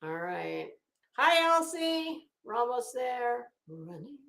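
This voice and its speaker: A chatty middle-aged woman with a Florida Southern accent hosts a casual livestream, greeting each viewer by name and cursing now and then. Her voice sits a little high for a woman. The sound has the echo of a roomy space. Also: big pitch swings, takes it slowly, vocal fry, fairly bright tone. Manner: chatty, frank, swears freely, greets chat by name. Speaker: livestream host.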